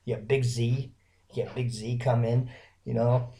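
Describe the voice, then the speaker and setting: A man's voice: mid-range voice, flat delivery, moderate pace, warm tone. A man from Alabama, rambling through a casual solo vlog with lots of fillers and restarts. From Alabama, American South. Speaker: vlogger.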